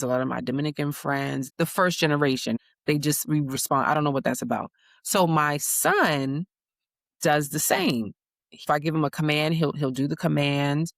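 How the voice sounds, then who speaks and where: As a guest in a conversational interview, a woman in her thirties who was born in the U.S. recounts family stories and does her children's voices. She has a low-pitched voice with vocal fry, captured at studio quality with no echo.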